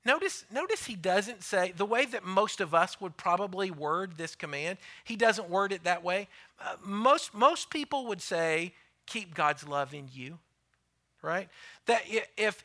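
A man's voice: high-pitched, pushed and bright. A man preaching a sermon in a church, emphatic and repetitive, sometimes dropping his voice to near a whisper.

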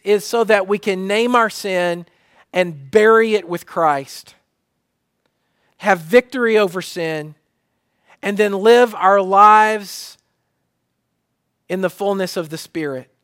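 A middle-aged pastor delivers a sermon in a fairly high voice, hammering home his points through repetition. The sound is dry and close, with no room echo. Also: slow, pauses often, fairly bright tone. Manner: repetitive preaching cadence, restarts.

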